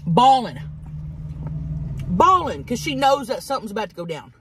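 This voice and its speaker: A woman vlogger telling a crude story in a fast, animated way while eating. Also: fairly high pitch, background noise.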